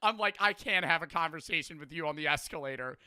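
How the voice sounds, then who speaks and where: A man telling a story in a profane, animated rant during a casual stream chat. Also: a little high, fast talker, clear, resonant tone.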